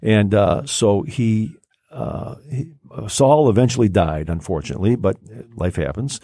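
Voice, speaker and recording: A man's voice: lowish voice, expressive, measured pace, mellow, dry recording. An older man, telling a long personal story in casual conversation, rambling with many fillers and restarts. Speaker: podcast guest.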